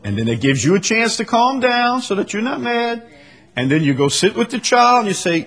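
An animated man preaching to his congregation, his voice bright and a little husky. He acts out little scenes as he goes, and his pitch swings widely, high and low. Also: normal speed. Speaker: pastor. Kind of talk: sermon with congregation questions.

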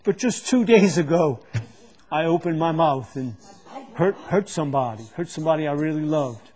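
A man's voice: on the high side, animated, moderate pace, darkish tone. A man preaching a sermon to a live congregation, teaching from the Bible and often stopping to repeat words as he searches for them.

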